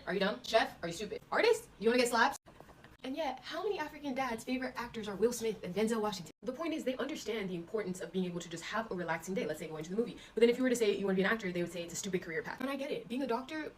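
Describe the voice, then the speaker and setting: Rapid-fire blunt young woman vlogging. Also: fairly high pitch, slight background noise, low-quality recording. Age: 20s. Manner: rapid, blunt, profane, animated. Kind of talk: casual vlog monologue.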